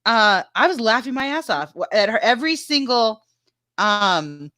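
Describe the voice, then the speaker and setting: A woman chatting on a live stream with a bright, forceful voice, breaking into laughter mid-sentence and swearing casually. Her voice sounds dry and close, with no room echo. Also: a little high, big pitch swings, normal speed. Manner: laughs often while telling stories, swears freely. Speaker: panel co-host.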